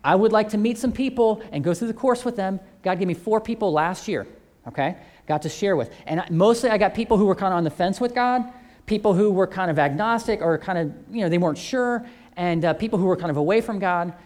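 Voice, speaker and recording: A man's voice: sits high, fast talker, darkish tone. A man who teaches a church faith course, telling a testimony story and acting out both sides of the conversations.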